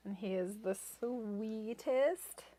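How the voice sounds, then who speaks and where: A woman's voice: a little high, takes it slowly, dark tone. Giggly woman co-hosting a livestream. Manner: giggly, chatty, often laughs. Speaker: co-host of a guitar tone livestream. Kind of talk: casual livestream chat.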